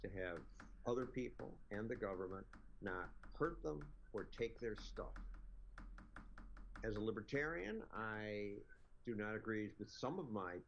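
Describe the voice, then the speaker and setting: A man making measured, explanatory points as a libertarian guest in a debate. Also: fairly low pitch, lively intonation, creaky, lo-fi sound, a little hiss or hum. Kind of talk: debate argument.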